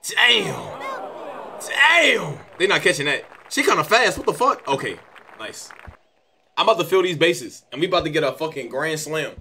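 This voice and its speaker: A man doing casual, excitable commentary over a baseball video game, swearing and trash-talking his own players. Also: a little high, normal speed, slight background noise. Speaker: gaming YouTuber.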